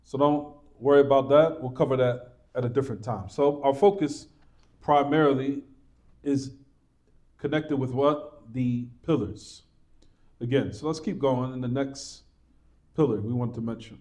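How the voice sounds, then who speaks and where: A man's voice: medium pitch, measured pace, mellow. A man teaching a religious class in a mosque, repeating points, reassuring his students and asking them rhetorical questions. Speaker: Islamic teacher.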